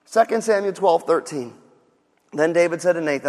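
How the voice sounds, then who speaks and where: A man preaching a sermon, animated, repeating words, going soft for storytelling and rising to shouts. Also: sits high, moderate pace, big-room sound. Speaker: pastor.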